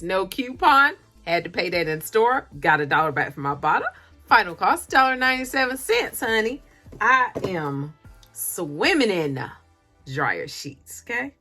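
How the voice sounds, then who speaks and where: A woman talks casually through a shopping haul from home late at night. Her voice is bright and swings up and down in pitch as she laughs often and calls her viewers honey and y'all. Soft music plays faintly behind her. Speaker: couponing vlogger.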